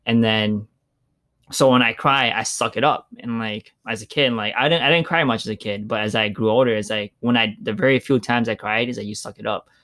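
A man's voice: fairly low pitch, fairly even intonation, brisk, pushed and bright. A man talking casually and reflectively, loose with filler words and the odd swear. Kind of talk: casual chat.

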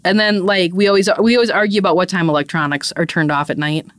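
A woman's voice: fairly low pitch, steady tone, quick pace, dry recording. A woman co-hosting a podcast in casual, chatty conversation with a friend, laughing easily and poking fun at herself. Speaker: podcast co-host. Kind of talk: casual chat.

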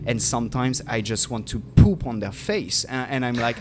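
A man's voice: medium pitch, normal speed, hardly any pauses, music in the background. French-accented man chatting animatedly. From France. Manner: animated, swearing, restarts sentences. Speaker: podcast co-host. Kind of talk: casual chat.

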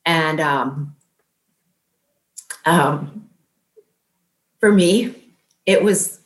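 A woman in her fifties telling an emotional personal story in an earnest, halting way, with many fillers, her voice rising when she quotes herself. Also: deep voice, roomy sound.

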